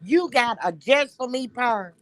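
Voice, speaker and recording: A woman's voice: fairly high pitch, expressive, a little slow, no room sound. A woman, a guest on a casual video-call chat, ranting in a blunt, sassy way.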